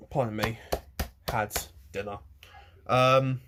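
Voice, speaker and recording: A young man ranting to camera in a rambling, halting way, swearing freely. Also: medium pitch, animated, a bit bright. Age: young adult. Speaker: vlogger. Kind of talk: casual rant to camera.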